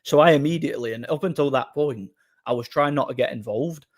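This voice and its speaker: A man's voice: medium pitch, a little fast. Man telling a rambling story live. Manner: animated, rambling anecdote with quoted dialogue. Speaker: livestream host. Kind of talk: casual storytelling to a live audience.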